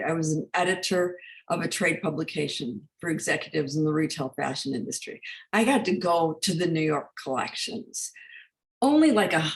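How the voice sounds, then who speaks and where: A woman's voice: on the low side, echoey room. A woman hosting an online talk, telling her own story in an emphatic, heartfelt way. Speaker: host. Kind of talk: spiritual coaching talk.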